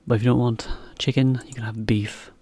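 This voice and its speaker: A man teaching to learners, talking in a relaxed, chatty way with a laugh now and then. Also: mid-range voice, fairly quick, husky, dry recording. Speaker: English teacher. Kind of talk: slow, clear explanation for learners.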